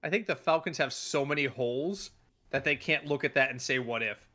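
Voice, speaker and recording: A man hosting a casual sports podcast, talking in an animated way, swearing and acting out what other people said. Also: on the high side, fairly quick. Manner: animated, swears, acts out quoted voices. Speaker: podcast host.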